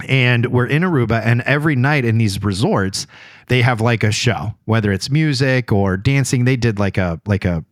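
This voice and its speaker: A man's voice: medium pitch, moderate pace, dry recording, studio quality. A man in his forties from Ohio, hosting a podcast and telling stories in casual chat, laughing often. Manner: animated storyteller, laughs often. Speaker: podcast host. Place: podcast studio.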